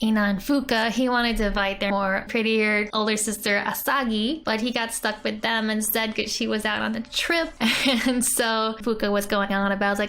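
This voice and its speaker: A woman's voice: fairly high pitch, fairly even intonation, normal speed, a bit bright. A woman giving a casual Japanese lesson from a manga page, chatty and giggly as she explains words and reads out the characters' lines. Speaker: Japanese language teacher.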